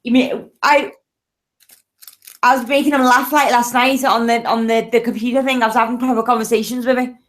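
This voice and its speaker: High-voiced chatty English woman. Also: flat delivery, brisk. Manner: chatty, coos softly to her pet. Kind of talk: casual chat.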